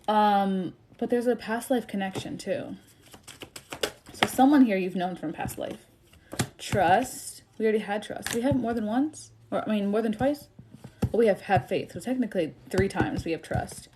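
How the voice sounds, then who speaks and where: A young woman reads tarot cards for her live viewers, chatting in a casual, sassy way. Her pitch sits in the middle for a woman. A clear hiss runs under her voice. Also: normal speed. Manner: chatty and sassy, laughing often. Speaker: tarot reader. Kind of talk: live-stream tarot reading. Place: home, live stream.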